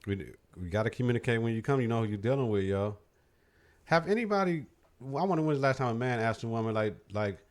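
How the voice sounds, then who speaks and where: A man's voice: mid-range voice, animated, fast. A man hosting a podcast, giving blunt, profane opinions in casual chat. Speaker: podcast host.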